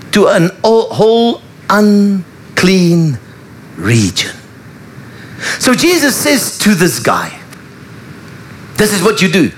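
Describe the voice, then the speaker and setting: Lively high-voiced male preacher. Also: a little hiss or hum. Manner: animated storytelling preacher. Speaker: pastor. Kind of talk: sermon.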